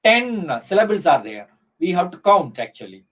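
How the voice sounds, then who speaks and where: A middle-aged man with an Indian English accent giving a live online lecture, speaking slowly and deliberately with many fillers and restarts. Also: sits high, lively intonation, rough recording.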